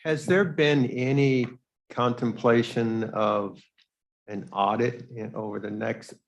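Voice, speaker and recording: A man's voice: medium pitch, steady tone, slow, creaky. A man in a meeting formally asking a question as a commission member. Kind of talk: meeting discussion.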